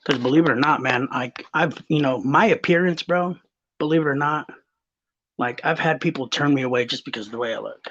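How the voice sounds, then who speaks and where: A man's voice: medium pitch, a little fast, fairly bright tone, a little hiss or hum. A man from Texas in casual podcast chat, telling stories with lots of swearing and restarts. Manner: rambling, swearing, storytelling. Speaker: guest. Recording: slightly muffled recording.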